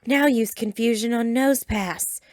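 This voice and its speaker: A woman's voice: a little high, normal speed, a little mellow, no echo, pitched above the performer's own voice, lightly acted. A woman voicing a brave young female trainer who talks in an old-fashioned way with thee and thou, in a dry recording. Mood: commanding.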